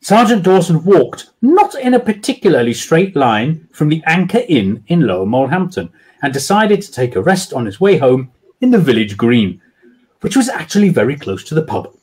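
A man's voice: a little high, big pitch swings, moderate pace, a little mellow, breathy edge. A man, an author, reading his children's book aloud over a video call with dramatic storytelling.

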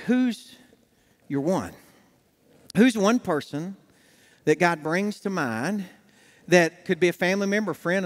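High-voiced pastor in an echoing church. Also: male voice. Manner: folksy storytelling, acts out quoted dialogue. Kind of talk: sermon. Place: church sanctuary. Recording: long church hall reverb.

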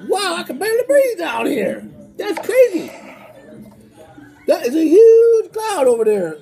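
A woman's voice: very high-pitched, very animated, a little slow, gravelly, dark tone. A woman giving goofy, exclamatory gameplay commentary and putting on voices for places, with faint music behind.

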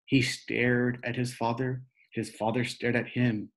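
A man reads a novel aloud in slow, steady narration. His voice sits at a middle pitch, and he takes his time over each line. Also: poor audio. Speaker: reader.

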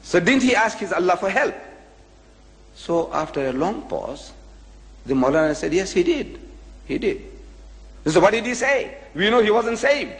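A male lecturer tells a story and throws himself into every quote. His voice sits fairly high for a man, and the recording carries the long echo of a lecture hall. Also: sing-song, normal speed. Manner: dramatic, acts out the quotes.

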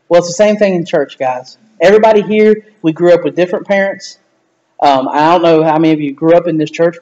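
A man with a high voice preaching to his church, chatty and animated, slipping into quoted lines along the way. The recording sounds dull and lo-fi. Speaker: pastor. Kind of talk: sermon.

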